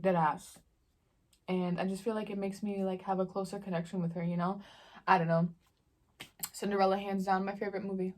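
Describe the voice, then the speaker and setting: A woman's voice: mid-range voice, warm tone. A young woman vlogger chatting casually in slangy storytelling while she eats on camera. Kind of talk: casual mukbang Q&A chat.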